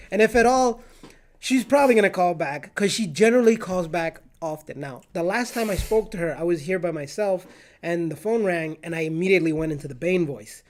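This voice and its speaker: Man, podcast host, casual chat, animated, high voice. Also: fairly quick. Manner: animated storytelling, laughs often.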